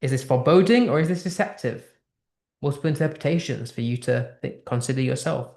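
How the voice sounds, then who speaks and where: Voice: medium pitch, brisk, gravelly, darkish tone. British tutor with a roomy echo. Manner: poses strings of rhetorical questions; thinks aloud with restarts. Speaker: English literature tutor. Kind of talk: explaining a text in a lesson.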